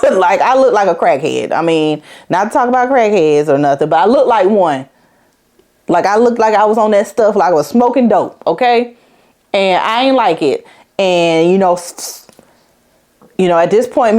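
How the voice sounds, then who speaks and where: A woman's voice: medium pitch, a little mellow. A woman in her forties hosting a podcast, telling a personal story in a blunt, profane, conversational way with slang, getting emotional and laughing through hard memories. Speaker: podcast host.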